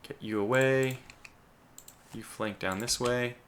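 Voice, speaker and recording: With a mid-range, fairly bright voice and fairly even intonation, a man talks slowly through his gameplay as a let's play host. His commentary is thinking aloud, full of stumbling restarts and abrupt exclamations, over keyboard clicks and slight background noise.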